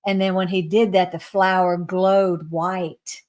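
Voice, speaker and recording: A woman guest sharing a spiritual vision in an earnest storytelling way, often dropping to a soft, slow hush. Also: lowish voice, level tone. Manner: soft, hushed and slowed when quoting; earnest, with fillers and restarts.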